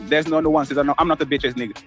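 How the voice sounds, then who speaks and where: A man with a high, quick voice argues his point hard on an online panel, pressing in and talking over the others. English is not his first language, and faint music plays underneath. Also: steady tone, poor audio. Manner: argumentative, talks over others. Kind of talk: heated online panel debate.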